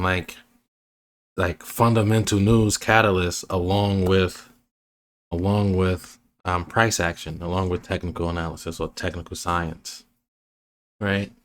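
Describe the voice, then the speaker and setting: Low-pitched male trading educator, slow and flat, loose rambling walkthrough. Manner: rambling, restarts often, many fillers. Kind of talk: casual chart walkthrough.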